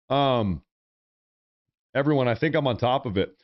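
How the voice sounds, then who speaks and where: A man's voice: mid-range voice, lively intonation, normal speed, long pauses, muffled recording. An American man hosting a political livestream, ranting in a fiery, emphatic way and often repeating his phrases. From United States. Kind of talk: heated live commentary rant.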